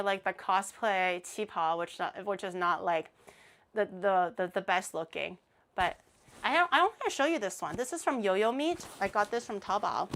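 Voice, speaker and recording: A woman's voice: medium pitch, fairly bright tone. A woman streamer in casual livestream chat, playful and giggly, laughing often and rambling with plenty of fillers. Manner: chatty, rambling with many fillers.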